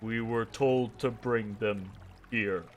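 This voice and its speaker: A man's voice: on the low side, fairly even intonation, takes it slowly, faint music behind, voice pushed down. A man voicing a stern male hobgoblin guard in a tabletop game, speaking in a thick, clipped accent.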